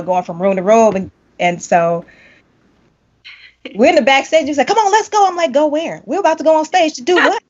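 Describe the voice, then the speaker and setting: A woman hosting a podcast, telling a lively story in casual chat and acting out quotes with big jumps in pitch. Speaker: podcast host, vocal coach. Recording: slightly muffled lo-fi sound.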